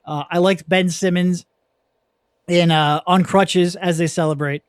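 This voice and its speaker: A young man hosting a casual sports podcast, chatty and quick with asides, laughing easily. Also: high-pitched, fairly even intonation, smooth, dry recording, studio quality. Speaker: podcast host.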